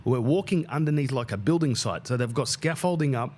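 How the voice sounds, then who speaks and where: A man's voice: medium pitch, brisk. A man in his thirties, casually telling a travel story on his podcast, swearing freely and acting out the people he met. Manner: animated, swears freely, acts out quoted people. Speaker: podcast host.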